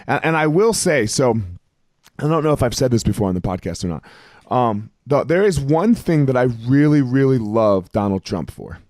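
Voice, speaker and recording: A man's voice: mid-range voice, very animated, moderate pace, darkish tone, no echo, clean studio sound. Blunt, rambling man on a podcast. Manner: rambling, profane, full of "like" fillers. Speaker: podcast guest. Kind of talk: casual podcast conversation.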